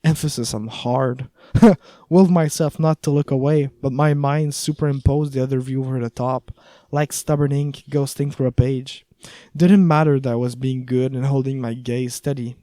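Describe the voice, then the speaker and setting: A man's voice: mid-range voice, steady tone, normal speed, warm tone, no room sound. A man reading a first-person audiobook in a wry, conversational way. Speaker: audiobook narrator.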